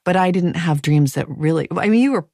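A woman hosting an interview, asking questions in a gentle, measured way. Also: lowish voice, expressive, no room sound, studio quality. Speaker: host.

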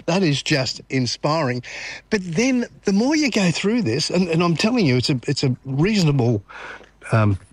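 An Australian man hosting a radio show on location, gushing with excitement and piling up exclamations. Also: on the high side, moderate pace, dry recording. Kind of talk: enthusiastic on-location interview.

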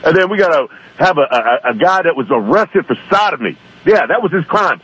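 A man calling in to a talk radio show, ranting indignantly in rapid bursts over a muffled phone line. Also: on the high side, expressive, a bit bright, husky, no echo. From East Baltimore. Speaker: caller. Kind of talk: call-in radio rant.

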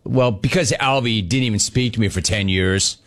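Reading out listener messages on his laid-back sports talk show, this man riffs playfully at a moderate pace. His voice is a bit bright and leaps up in pitch when he wants to stress something.

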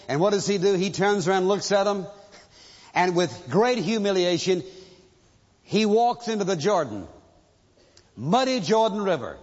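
A pastor preaching a sermon, telling a story with emphasis and asking rhetorical questions, in a dull, echoing recording from a large church hall. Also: male voice, high voice, darkish tone.

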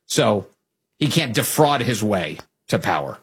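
Male talk show host, husky rough voice, lively swinging pitch, sarcastic commentary. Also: measured pace. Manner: animated, sarcastic, mimics opponents. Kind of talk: political commentary.

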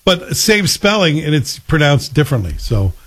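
A man's voice: on the high side, very animated, moderate pace, a bit bright, husky. A man hosting a morning talk radio show, chatting casually and sharing bits of trivia.

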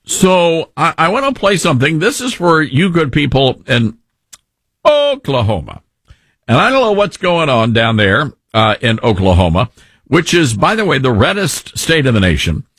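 A man hosting a call-in talk radio show, animated and jokey, often repeating his words as he talks into a studio mic. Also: a little high, moderate pace, slightly rough, no echo.

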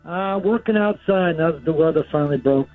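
A man's voice: fairly high pitch, brisk, soft background music. A man calling in to a radio show, chatting casually and laughing often. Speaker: caller. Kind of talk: casual radio call-in chat. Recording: tinny phone line.

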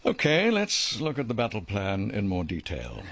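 An actor in a radio drama playing a measured, formal leader of a covert team. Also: male voice, fairly low pitch, wildly swooping pitch, vocal fry, noisy background, exaggerated voice.

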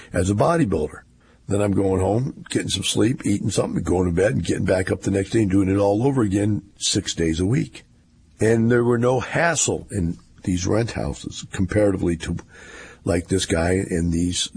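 A man's voice: deep voice, creaky, darkish tone, slight background noise. An older man, giving a rambling, folksy casual monologue with wry asides.

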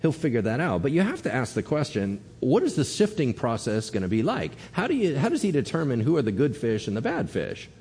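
Male pastor preaching, husky voice, swings up and down a lot, acts out quotes, long hall reverb. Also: medium pitch, fairly quick, few pauses. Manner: animated storytelling, acting out quotes. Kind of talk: sermon.

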